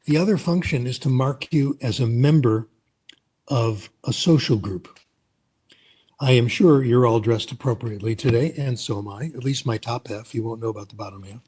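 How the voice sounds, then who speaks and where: Husky-voiced older man giving a lecture. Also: mid-range voice, normal speed, a little mellow. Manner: anecdotal, storytelling explanations. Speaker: conference presenter. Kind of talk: webinar lecture.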